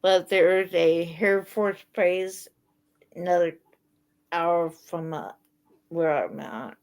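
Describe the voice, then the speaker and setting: A woman's voice: lowish voice, slow, a little mellow, clear, resonant tone. A woman chatting casually on a livestream who talks hesitantly and uses fillers.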